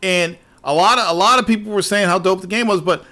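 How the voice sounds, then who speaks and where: A man hosting a casual show, ranting in an animated, profane way and trailing off into repeated words. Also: high voice, fast. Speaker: podcast host.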